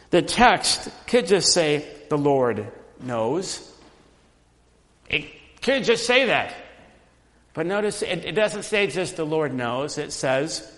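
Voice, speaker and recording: A man gives a sermon at an unhurried, deliberate pace, his fairly high voice carried by a long reverb as in a large hall. He explains a text step by step and swells to loud, passionate repetition of key phrases. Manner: emphatic preaching, rising loud on repeated phrases. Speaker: pastor.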